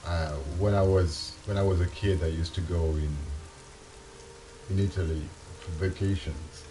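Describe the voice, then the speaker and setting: A man from Europe chatting casually, halting and repeating his words in non-native phrasing, with faint rain behind him. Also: deep voice, steady tone, warm tone, slight background noise. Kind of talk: casual one-sided chat.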